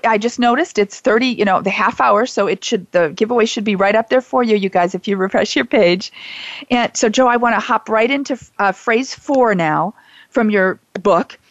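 A woman's voice: on the high side, moderate pace, dry recording, dull audio. A woman hosting a radio talk show, effusive and enthusiastic as she reads giveaway details and questions her guest.

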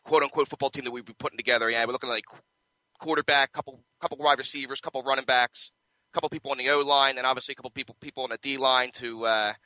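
A man's voice: medium pitch, fairly even intonation, very fast, bright, forceful tone, no room sound, low-quality recording. A man co-hosting a sports talk radio show, chatting casually and rambling with frequent restarts into a studio microphone. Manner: rambling, many restarts and fillers.

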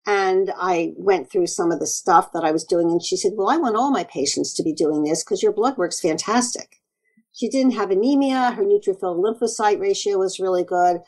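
Animated woman doctor telling stories. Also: mid-range voice, moderate pace, low-quality recording. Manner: earnest, animated storytelling with quoted asides. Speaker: naturopathic doctor, guest. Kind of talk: conversational interview.

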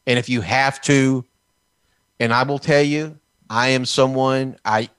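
A man from Texas delivering a fiery political commentary, sarcastic and combative. His voice sits at an ordinary middle pitch. The sound is dry and close, with no room echo. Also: steady tone, measured pace, fairly bright tone, smooth. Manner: combative and sarcastic, mocking officials in put-on quotes. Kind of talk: heated political talk.

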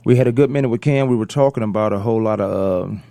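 A man hosting a sports talk radio show, rambling through animated opinions and correcting himself as he goes. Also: lowish voice, fast talker, dry recording.

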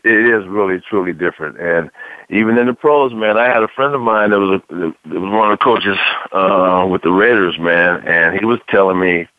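Radio sports co-host, male, lowish voice, laid-back, thin phone-like sound. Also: dry recording. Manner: conversational, drawn-out, repeats "man". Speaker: sports talk show co-host, former football player. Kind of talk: casual radio sports talk.

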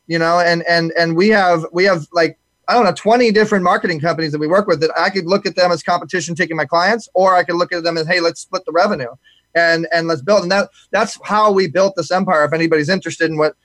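A man's voice: on the high side, a bit bright, no room sound. A man hosting a live talk show, chatting casually and rambling with many restarts.

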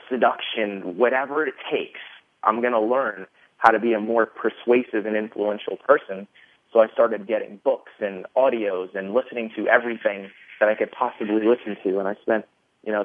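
A man's voice: fairly low pitch, dry recording. A man in his thirties, a podcast guest, telling his story in a rambling casual way with many fillers. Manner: rambling, lots of fillers, animated retelling. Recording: tinny phone line.

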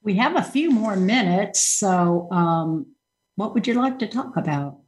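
A woman's voice: mid-range voice, expressive, measured pace, a little mellow. A woman hosting a casual interview chat, talking loosely with many ums and restarts. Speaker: show host.

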